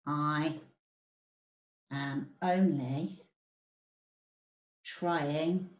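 A woman voicing a frightened man who pleads slowly and quietly with a jaguar. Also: on the high side, fairly even intonation, lo-fi sound, voice pushed down. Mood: pleading. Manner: slow, pleading, hushed. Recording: roomy echo.

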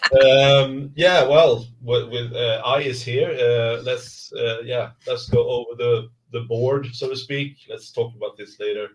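A man hosts a relaxed livestream, rambling along and stumbling over his words with plenty of fillers. He sits a little back from the microphone, so his voice sounds slightly distant. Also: mid-range voice, slow pace, slight background noise. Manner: rambling, hesitant, many fillers and restarts. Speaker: livestream host. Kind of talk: casual livestream chat.

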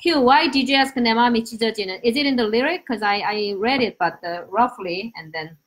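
A woman teaching Korean on a live lesson, animated, switching between Korean and English, with uneven English grammar. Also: fairly high pitch, rapid-fire. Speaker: Korean language teacher, host. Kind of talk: live-stream language lesson.

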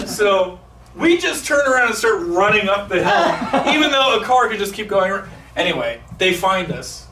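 Man, high voice, profane comedic storyteller, echoey room heard from a distance. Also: moderate pace. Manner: profane, animated, acts out voices. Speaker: stand-up storyteller. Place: comedy theater stage. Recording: echoey live room, mic from a distance, background noise.

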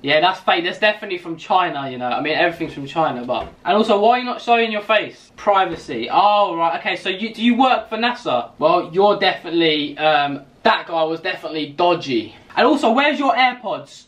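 Cheeky young London man, high voice. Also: animated, fairly bright tone. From England. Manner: teasing, mock-insulting, quick to laugh. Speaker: YouTuber host. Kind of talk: casual video chat banter.

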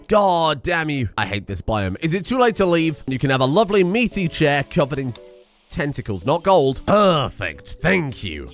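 A man commentating on a video game as a streamer, excitable, laughing and swearing often. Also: a little high, normal speed, faint music behind. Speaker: gaming streamer. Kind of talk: let's play commentary.

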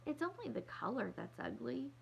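A poised young girl speaks graciously in a sophisticated storybook voice, as a woman reads her part. Her voice sits a little high, with a faint gravelly rasp. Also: sing-song, moderate pace, full character voice, low-quality recording. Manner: sophisticated, gentle. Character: poised imaginative ten-year-old girl, gracious and kind.

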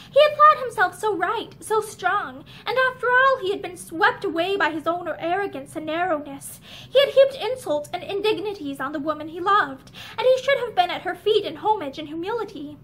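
A woman reading a novel aloud with expressive, dramatic storytelling, sitting in a room with bookshelves. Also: very high voice, a little hiss or hum. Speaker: audiobook reader. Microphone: camera facing her as she sits.

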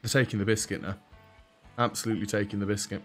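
Fairly low in pitch with little movement in it, this man talks quickly over soft background music. He drops his H's and T's in an English accent while giving let's play commentary. He sounds sarcastic, dry and chatty.

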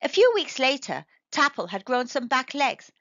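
Animated woman reading a children's story. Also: high voice, moderate pace, dry recording. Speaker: storybook reader. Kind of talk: children's read-aloud narration. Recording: dry, slightly dull recording.

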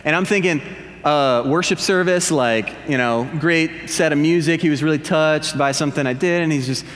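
A man's voice: a little high, normal speed. A male pastor giving a humorous sermon in a church, telling stories with jokes and impressions. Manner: animated storytelling with jokes and impressions. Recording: long hall reverb.

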